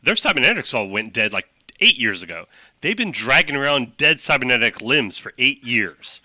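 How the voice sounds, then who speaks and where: Game master, man, animated and rambling; bright, lively pitch. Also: normal speed, dry recording. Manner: rambling, laughing, lots of "like". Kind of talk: narrating a tabletop game.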